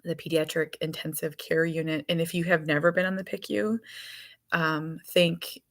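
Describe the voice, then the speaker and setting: A woman's voice: low voice, steady tone, moderate pace, fairly bright tone. A woman hosting a podcast as a mother, chatting casually in a rambling way that is full of restarts. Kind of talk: casual chat.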